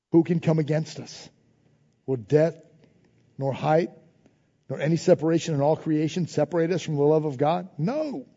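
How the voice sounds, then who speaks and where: A man preaching with a high, mellow voice, moving between emphatic repeated refrains and quiet prayerful lines. The sound rings with long reverb in a big hall and comes through dull and lo-fi. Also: breathy edge. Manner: informal phrasing, dropping to soft prayerful tones. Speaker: pastor. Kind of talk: sermon.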